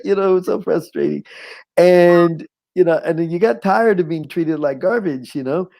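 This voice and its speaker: A middle-aged man, a show guest, telling a personal life story in an animated, conversational way, acting out voices and chuckling often. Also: on the high side, normal speed, vocal fry, poor audio. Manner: conversational with frequent "you know what I'm saying".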